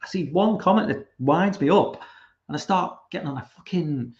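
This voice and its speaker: In a dull, roomy lo-fi recording, a young man runs his livestream, reading chat and ranting casually with lots of swearing and false starts. His voice is a little high, at a moderate pace with lively intonation.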